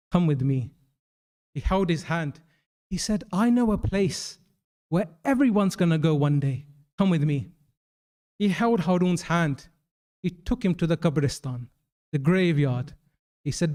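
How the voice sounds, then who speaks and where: A young man giving an English religious lecture at a mourning gathering, telling stories and acting out the dialogue with lively jumps in his voice. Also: normal speed. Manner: acts out quoted dialogue with pitch jumps.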